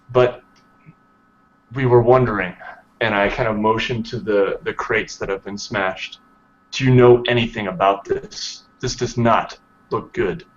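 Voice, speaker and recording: A man's voice: fairly low pitch, muffled recording. Direct, questioning man at a game table. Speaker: player. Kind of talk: casual tabletop play.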